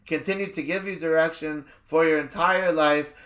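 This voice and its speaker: A man voicing a tired, witty elderly rabbi giving a gentle, solemn blessing. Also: fairly high pitch, steady tone, moderate pace, pitched above the performer's own voice, natural voice.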